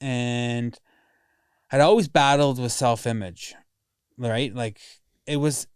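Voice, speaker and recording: Candid, swearing man with a clear voice. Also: mid-range voice, fairly even intonation, slow pace, dry recording, clean studio sound. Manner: candid, rambling, swears often. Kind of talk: casual podcast conversation.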